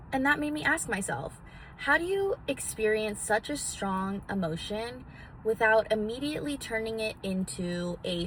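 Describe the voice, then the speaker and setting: A woman's voice: mid-range voice, fairly bright tone, a little hiss or hum. A woman vlogging casually from a parked car into a phone, theatrical and swearing freely as she gives self-help advice. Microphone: phone on a magnetic mount.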